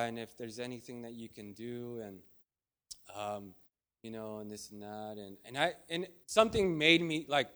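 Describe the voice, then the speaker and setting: A man's voice: medium pitch, fairly bright tone, smooth. A man preaching in a conversational, storytelling way, full of restarts and asides. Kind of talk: storytelling sermon.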